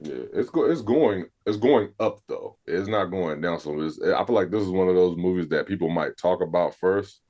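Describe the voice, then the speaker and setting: A man with a very low, deep voice chats casually about a film. He rambles in a laid-back way, trailing off into long hesitations and dropping profanity as he goes. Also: normal speed, hardly any pauses, mellow, muffled recording. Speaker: podcast co-host. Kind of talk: casual movie review chat.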